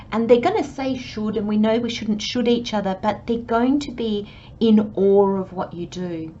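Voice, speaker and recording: A woman talks through a tarot reading in a gentle, chatty way, slipping into short imagined dialogues. Her voice sits in an ordinary middle range. The recording is slightly dull, with a faint hiss behind her. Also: mid-range voice, fairly even intonation, normal speed. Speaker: tarot reader. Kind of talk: channelled tarot reading monologue.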